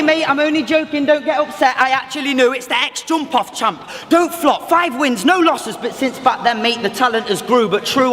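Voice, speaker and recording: A young man performing a battle rap, brash and mocking, firing off punchlines at a live event. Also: extremely high pitch. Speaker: battle rapper. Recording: loud crowd and heavy noise. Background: loud cheering crowd.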